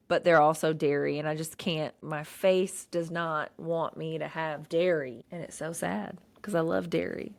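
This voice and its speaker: A woman's voice: low-pitched, a bit bright. A young woman hosting a casual solo podcast, talking bluntly and with lots of swearing, rambling and restarting her sentences. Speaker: podcast host.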